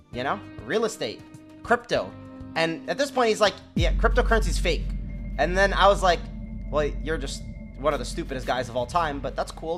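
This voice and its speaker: A young streamer tells a casual, fast-paced story full of slang and swearing, imitating the voices of the people in it and repeating "you know what I'm saying." He speaks with a fairly high pitch and a sharp tone.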